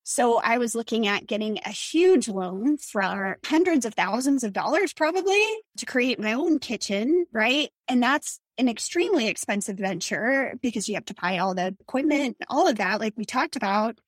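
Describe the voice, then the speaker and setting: A woman's voice: fairly high pitch, expressive, normal speed, few pauses, dry recording. A woman being interviewed on a podcast, talking frankly and wearily, acting out the people in her story. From Colorado. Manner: frank, tired, tells story with quoted dialogue. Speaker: podcast guest, former bakery owner. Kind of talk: candid conversational interview.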